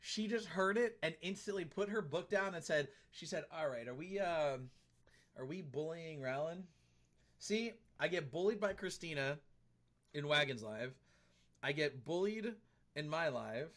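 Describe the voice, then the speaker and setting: A man's voice: a little high, animated, measured pace, fairly bright tone. A man streaming a game live, chatting casually and laughing as he reads and answers his chat. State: tired arms after a workout.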